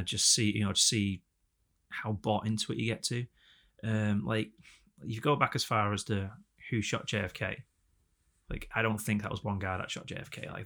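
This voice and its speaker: A young man co-hosting a podcast rambles through a casual chat, swearing freely and growing animated. His voice is low with a gravelly edge.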